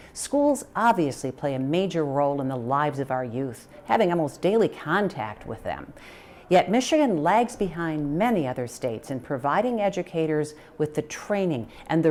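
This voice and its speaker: A woman hosting a TV program, presenting a scripted introduction and interviewing a guest with a measured, earnest delivery. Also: sits low, darkish tone. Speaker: TV host.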